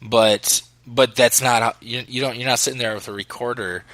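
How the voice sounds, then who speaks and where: A man's voice: mid-range voice, steady tone, moderate pace, noisy background. A man hosting a podcast, chatting casually and emphatically, leaning often on "you know". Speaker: podcast host.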